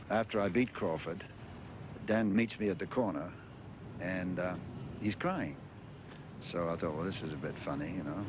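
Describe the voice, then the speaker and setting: An older English man, a former tennis champion, recalling his career in a rambling interview full of fillers and restarts. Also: deep voice. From England. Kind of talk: interview reminiscence. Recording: archive interview with clear background noise.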